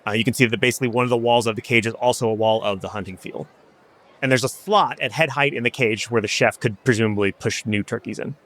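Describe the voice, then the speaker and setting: A man's voice: mid-range voice, quick pace, a bit bright. A man narrating a tabletop game as game master, loose and rambling.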